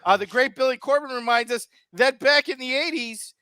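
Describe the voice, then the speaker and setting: A man hosting a sports talk show, ranting sarcastically and swearing freely in an animated way. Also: very high-pitched, fairly quick, smooth, no echo. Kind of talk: comedic sports talk rant.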